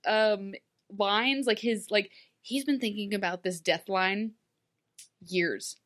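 A woman's voice: mid-range voice, takes it slowly, a bit bright. Jokey woman riffing on a podcast. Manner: jokey, riffing, slips into comic voices. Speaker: podcast co-host. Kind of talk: casual TV recap chat.

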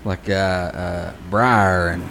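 Man, podcast co-host, very deep voice, quick agreeing chimes, faint hiss behind. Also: fairly even intonation, gravelly, a bit bright. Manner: brief agreeing interjections. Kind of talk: casual chat.

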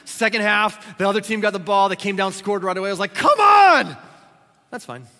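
A man preaching a sermon as pastor, telling stories with sudden loud exclamations. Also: high-pitched, little pitch movement, fast. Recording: long reverb of a large hall.

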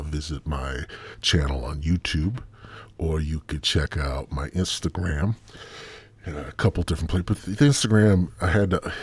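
A man's voice: very deep voice, breathy edge, dry recording. A man from the American Midwest hosting a podcast and telling a rambling, profane comic story. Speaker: podcast host.

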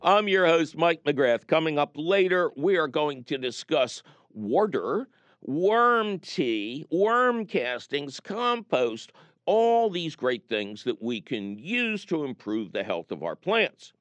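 A male radio host chats with callers in a dry studio, and his pitch swings widely as he jokes and tells stories. He sounds animated and playful throughout. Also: slow pace, no room sound, highs cut off. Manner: jokey, animated storyteller. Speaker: radio gardening show host. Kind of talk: casual call-in radio chat. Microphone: studio microphone.

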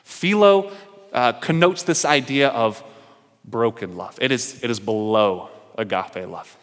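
A man's voice: mid-range voice, unhurried. A male pastor preaching a sermon, telling the story and acting out the characters' lines. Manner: storytelling preacher who acts out the characters' dialogue. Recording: long hall reverb.

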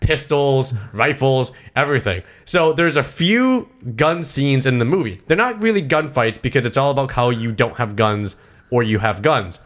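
A man's voice: mid-range voice, normal speed. A young man recapping a movie in casual chat, rambling and swearing with many side notes. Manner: rambling, animated, profane, full of side notes. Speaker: podcast co-host recapping a movie.

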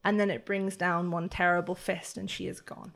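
A woman narrating a tabletop game as game master with dramatic, measured storytelling. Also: fairly low pitch, level tone, vocal fry, fairly bright tone, soft background music.

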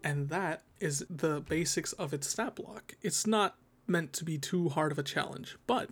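A man hosting a podcast, casually explaining a tabletop monster encounter in a relaxed, chatty way with lots of fillers. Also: fairly high pitch, a little slow, hardly any pauses, husky. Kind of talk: casual explanatory talk about game design. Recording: music bed behind the voice.

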